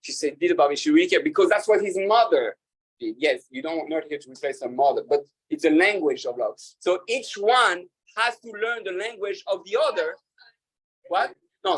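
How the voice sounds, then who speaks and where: A man, a rabbi, talking casually to an audience, halting with fillers and restarts and laughing at his own jokes. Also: high-pitched, expressive, poor audio.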